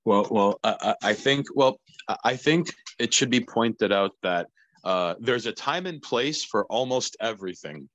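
A man co-hosting a podcast in casual chat, halting and repeating words as he searches for them. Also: fairly low pitch, expressive, fairly bright tone, dry recording.

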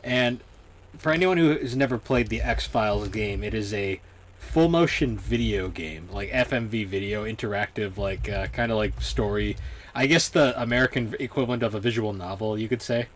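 A man's voice: fairly low pitch, normal speed, slight background noise. A young man co-hosting a casual gaming podcast, chatting loosely with lots of fillers and laughter. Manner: laughs often, many fillers. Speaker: podcast co-host. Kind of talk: casual chat.

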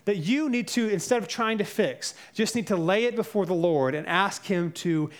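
High-voiced young pastor preaching. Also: male voice, moderate pace. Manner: conversational preaching with personal anecdotes. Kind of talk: sermon.

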